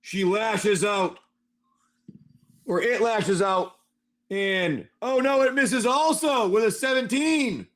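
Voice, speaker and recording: High voiced guy running a tabletop game on stream, super animated, calling out rolls. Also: takes it slowly. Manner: animated and excitable. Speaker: game master. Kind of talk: livestream tabletop game narration.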